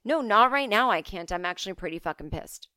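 A woman's voice: medium pitch, expressive, a little fast, bright, forceful tone, clean tone, no room sound. A woman voicing a blunt, laid-back half-man half-fish guy who talks in a matter-of-fact, slightly annoyed way.

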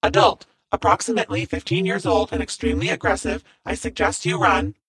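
A woman putting on a robot sidekick with a low, gravelly, monotone voice. It reports facts in flat, clipped phrases, calm and exact. The sound is dry and close. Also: brisk, no echo, natural voice, low-quality recording. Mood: urgent.

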